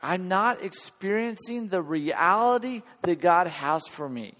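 An earnest, conversational male preacher who talks slowly and pauses to check in with his congregation. His voice sits a little high for a man, and a long hall reverb trails after his words. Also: expressive, a bit bright. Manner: earnest, conversational, questions the audience. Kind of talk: sermon.

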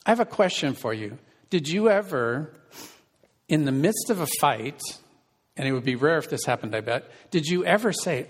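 A man's voice: on the high side, animated, normal speed, breathy edge. A man preaching a sermon as pastor and counselor, conversational and asking the congregation questions. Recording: reverberant hall.

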